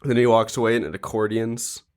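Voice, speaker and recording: A man co-hosting a casual comedy podcast, chiming in with quick jokes. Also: lowish voice, little pitch movement, darkish tone. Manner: quick joking interjections. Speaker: podcast co-host.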